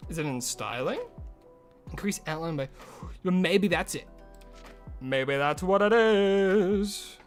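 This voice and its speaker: Chatty male streamer, slightly high voice. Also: expressive, slow, long pauses, faint music behind. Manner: chatty, greets chat by name, loose asides. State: recovering from a headache. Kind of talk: casual live-stream chat.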